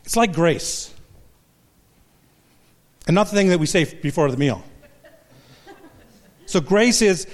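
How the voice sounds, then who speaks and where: A man's voice: high voice, expressive, slow pace, long pauses. An older man, a pastor and marriage counselor, giving a humorous, self-deprecating talk to a live audience. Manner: self-deprecating, joking storyteller.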